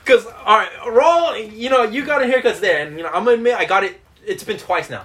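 A man's voice: high-pitched, fast talker, crowd noise. A young man co-hosting a casual podcast with friends, telling profane, rambling stories with lots of fillers. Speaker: podcast co-host. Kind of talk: casual chat among friends.

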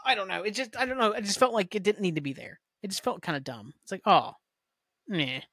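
A man's voice: high voice, very animated, quick pace, fairly bright tone, dry recording, clean studio sound. A man hosting a podcast, chatting casually and rambling through a TV recap with lots of fillers and some swearing. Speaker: podcast host. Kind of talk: casual solo recap chat.

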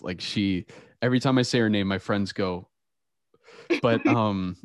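A man's voice: fairly low pitch, dry recording, clean studio sound. A young man hosting a podcast, chatting casually and telling stories with frequent laughter. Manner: animated storytelling, laughs often. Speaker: podcast host. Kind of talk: casual chat.

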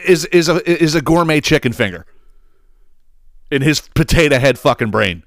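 A man's voice: a little high, lively intonation, normal speed, pauses often, a bit bright, no room sound. Guy ranting on his podcast, swears a ton, stumbles over words, dry close sound. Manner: emphatic, swearing, repeats himself. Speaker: podcast host. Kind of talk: profane political rant.

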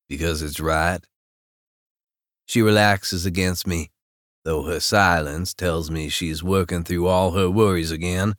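Deep, slow male audiobook narrator. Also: fairly bright tone, clear, resonant tone, dry recording, studio quality. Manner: low-key, wry inner voice. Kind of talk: first-person romance narration.

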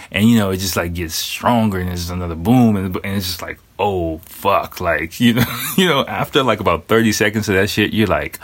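A man with a notably deep, low voice tells a personal story off the cuff. He rambles, restarts and drops curse words and fillers all the way through, in plain casual talk. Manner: rambling, profane, many fillers.

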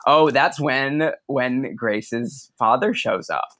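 A man's voice: mid-range voice, expressive, pushed and bright, dry recording. Guy on a podcast yapping about a movie, swears a lot, dead dry sound. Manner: chatty, profane, quick bursts of laughter. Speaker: podcast co-host. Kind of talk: casual film-discussion chat.

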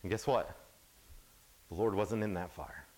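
Young male camp preacher, lowish voice, lively storyteller who drops to near silence. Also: unhurried. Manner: casual, animated storytelling, drops to hushed tones. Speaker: youth camp speaker. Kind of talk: sermon.

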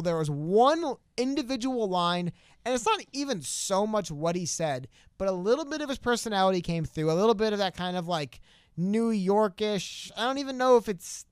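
Animated young man in casual chat. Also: high voice, clear, resonant tone, no echo, clean studio sound. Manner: animated, emphatic, quick to do mocking impressions. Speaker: political talk show co-host. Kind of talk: casual political debate chat.

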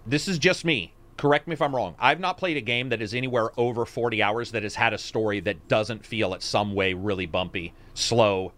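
Animated swearing male podcast host. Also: brisk, few pauses. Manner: swearing, animated, jumps pitch for mock quotes. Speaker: podcast host reading chat. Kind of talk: casual chat.

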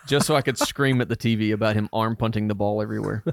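A man co-hosting a casual podcast chat, quick with asides and laughing often. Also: fairly low pitch, fairly even intonation, creaky, no echo, clean studio sound. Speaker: podcast co-host.

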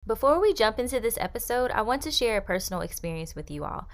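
A woman's voice: on the high side, very animated, fast talker, soft background music. Upbeat, chatty young woman podcaster. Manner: chatty and upbeat, with casual slang. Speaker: podcast host. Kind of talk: faith-based podcast monologue.

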